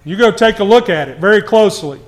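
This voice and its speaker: High-voiced preacher, conversational sermon. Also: male voice, lively intonation, fast. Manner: conversational preaching with rhetorical questions; swings from quiet asides to raised emphatic passages. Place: church congregation.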